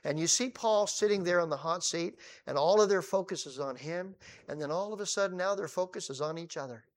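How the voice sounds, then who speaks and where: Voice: mid-range voice, fairly quick. Preacher retelling scripture with emphatic repetition. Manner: retells scripture scenes in lively, acted-out paraphrase. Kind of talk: conversational Bible teaching.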